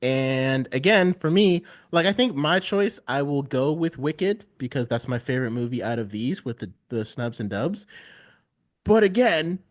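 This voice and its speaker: A man's voice: medium pitch, a little slow. A man hosting a casual podcast chat about the Oscars, telling stories with animation and frequent laughter. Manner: animated storytelling, laughs often. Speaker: podcast host.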